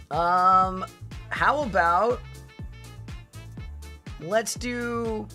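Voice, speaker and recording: A woman streamer from Australia chatting in a casual reaction stream, excitable and rambling as she reacts. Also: mid-range voice.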